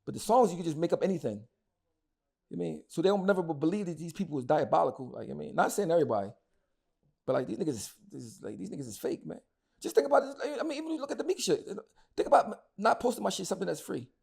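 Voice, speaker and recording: A man's voice: fairly high pitch, animated, very fast, gravelly, darkish tone, breathy edge. A middle-aged man, talking as an interview guest, angry and emphatic, repeating himself and cursing a lot. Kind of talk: heated casual interview talk.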